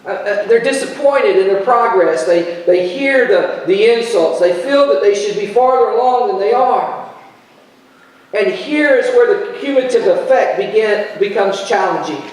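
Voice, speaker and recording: High-voiced preacher in an echoing sanctuary. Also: male voice, moderate pace. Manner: animated, self-deprecating storytelling with repeated phrases. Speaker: pastor. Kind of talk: sermon. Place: church sanctuary. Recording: very echoey church sanctuary, voice from far off.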